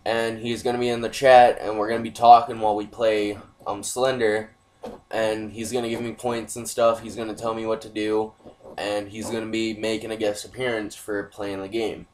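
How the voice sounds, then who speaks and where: A man's voice: lowish voice, little pitch movement, moderate pace, a little mellow. Swearing young-sounding guy hosting a playthrough. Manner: loose, profane and apologetic chatter. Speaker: gaming channel host. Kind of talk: casual gameplay commentary.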